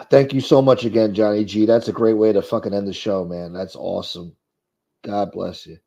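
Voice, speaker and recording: Livestream host: low-pitched New man, rambling and foul-mouthed, on dull lo-fi audio. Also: steady tone, normal speed, vocal fry, mellow. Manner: profane, rambling, reacting to viewer comments. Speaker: live stream host reading chat. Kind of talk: casual chat.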